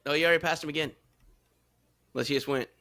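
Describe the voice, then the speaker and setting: A man co-hosting a casual live fantasy football draft, excitable and quick to exclaim. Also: fairly high pitch. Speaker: podcast co-host.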